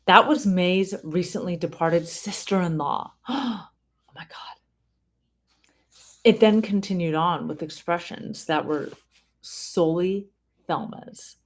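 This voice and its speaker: A woman reading a family memoir aloud in a casual way, stopping often to comment and explain. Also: lowish voice. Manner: reads slowly, breaks off to comment and explain.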